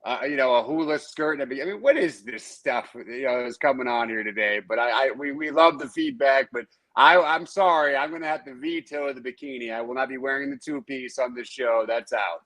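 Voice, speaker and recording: A man's voice: medium pitch, a little fast, hardly any pauses, fairly bright tone. Good-humored man on a podcast. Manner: good-humored, mock-protesting. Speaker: podcast co-host. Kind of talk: casual chat.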